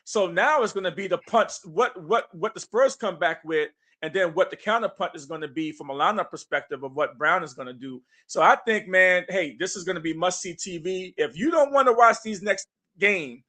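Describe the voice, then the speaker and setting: Man, podcast co-host, high voice, bright and forceful tone, emphatic hype talk, casual sports chat. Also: lively intonation, normal speed.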